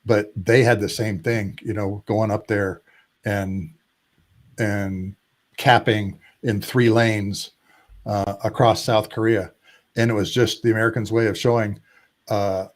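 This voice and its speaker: Older man telling war stories, low-pitched. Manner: animated war-story teller, drawn-out emphatic lists. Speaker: retired Air Force tanker pilot, guest. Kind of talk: casual storytelling interview.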